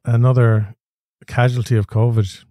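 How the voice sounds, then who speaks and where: A man's voice: medium pitch, level tone, moderate pace, mellow, dry recording, clean studio sound. A man who hosts a podcast, asking short follow-up questions in a casual interview. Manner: brief prompts and follow-up questions. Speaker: podcast host.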